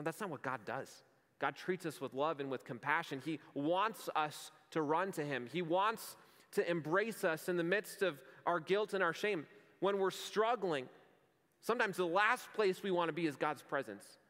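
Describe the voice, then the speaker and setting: A man's voice: on the high side, a bit bright. A male pastor delivering a sermon in an earnest, conversational way, telling vivid everyday stories. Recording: long hall reverb.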